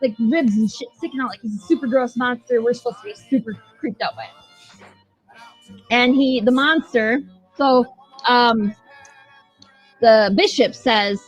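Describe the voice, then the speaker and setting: A woman's voice: a little high, a little slow, long pauses, slightly rough. A woman co-hosting a podcast, chatting casually about a show in a rambling, profane way, laughing as she retells scenes. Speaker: podcast co-host. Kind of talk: casual chat reviewing a show. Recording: dull lo-fi sound with faint music.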